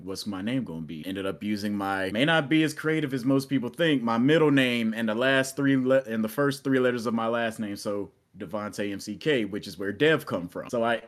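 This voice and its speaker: A young adult man, an army veteran and podcast guest, telling stories casually and acting out the exchanges he quotes. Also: medium pitch. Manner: animated, acts out quoted exchanges. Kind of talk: casual storytelling.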